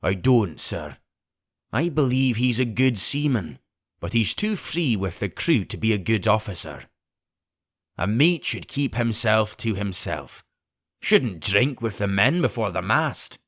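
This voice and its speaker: Man doing a stern, clipped sea captain for a storybook reading, lowish voice, dry close sound. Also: very animated, fairly bright tone, no room sound, full character voice. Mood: firm. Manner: clipped, deliberate, firm. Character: stern blunt middle-aged male sea captain.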